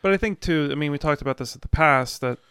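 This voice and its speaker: A man's voice: a little high, fast talker, a bit bright, smooth, dry recording, studio quality. A man co-hosting a podcast, discussing a novel in a reflective, hesitant way with many restarts. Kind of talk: casual book discussion.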